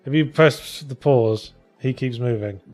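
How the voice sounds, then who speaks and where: A man's voice: mid-range voice, measured pace, a little mellow, faint music behind. Man walking through his game. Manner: explains the game's mechanics with dry swearing. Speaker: game creator playing his game. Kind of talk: casual let's play commentary.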